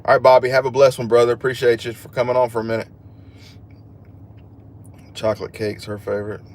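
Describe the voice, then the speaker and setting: A man's voice: mid-range voice, steady tone, a little fast, slight background noise. A man hosting a casual livestream, chatting with viewers and joking at his own expense. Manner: chatty and joking, laughs at himself. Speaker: livestream host. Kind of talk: casual live chat, reading viewer comments.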